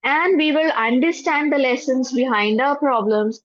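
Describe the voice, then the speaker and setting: This guided forgiveness meditation is led by a spiritual teacher who speaks Indian English in a soft, soothing, slightly high voice, repeating phrases at a slow pace. The sound is close and lo-fi, dull and dry, with no room sound at all.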